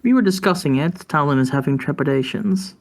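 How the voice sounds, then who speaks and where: A woman with a low voice chatting as a player at a tabletop game. She talks loosely and hesitantly and trails off mid-thought. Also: fairly quick, vocal fry, darkish tone. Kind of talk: casual table chat.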